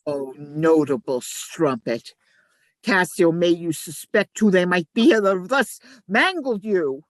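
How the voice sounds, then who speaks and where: A woman reading the part of a scheming male ensign in an amateur play reading, moving between urgent shouts and low asides. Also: lively intonation, slow, dry recording.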